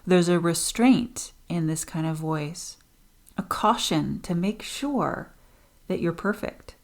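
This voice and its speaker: A woman's voice: lowish voice, takes it slowly. A woman voice coach hosting a teaching podcast, talking straight to her listeners and changing her pace for emphasis. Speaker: voice and speaking coach.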